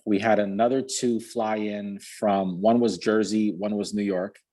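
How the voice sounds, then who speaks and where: A man giving an energetic motivational talk over a video call, driving his points home through repetition. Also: fairly low pitch, measured pace. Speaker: guest speaker.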